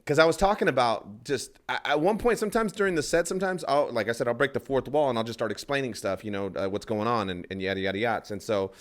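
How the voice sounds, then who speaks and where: A man's voice: medium pitch, quick pace, few pauses. A man, a stand-up comedian, telling a rambling story in casual podcast talk, acting out other people's lines and swearing freely.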